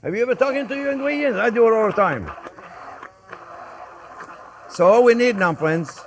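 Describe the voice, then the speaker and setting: A man's voice: extremely high pitch, expressive, normal speed, a little hiss or hum. An older man with a French accent hosting a casual cooking demonstration, chatty and joking with viewers he calls friends. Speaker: cooking show host. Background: sizzling pan in a kitchen.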